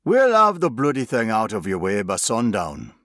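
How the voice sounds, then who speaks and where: A man voicing a gruff old rural English laborer with an English country accent, blunt and given to cursing. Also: on the low side, wildly swooping pitch, moderate pace, fairly bright tone, no echo, clean studio sound.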